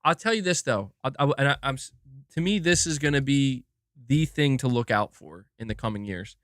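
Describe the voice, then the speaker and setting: Casual gaming-stream host, male, animated and a little profane, clean dry sound. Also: medium pitch, brisk, no room sound. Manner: swearing, animated, thinks aloud with restarts. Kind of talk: casual live-stream commentary.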